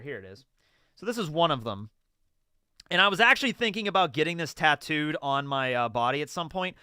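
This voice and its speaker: A young adult man hosting a live stream, chatting casually and excitably with frequent laughter. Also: medium pitch, clear, resonant tone, dry recording, studio quality. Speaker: streamer host.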